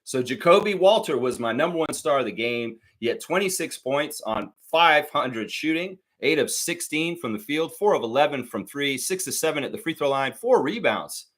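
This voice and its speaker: A man hosting a live sports reaction show, profane and ranting, swinging between muttering and shouting. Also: a little high, animated, moderate pace, hardly any pauses. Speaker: sports fan show host.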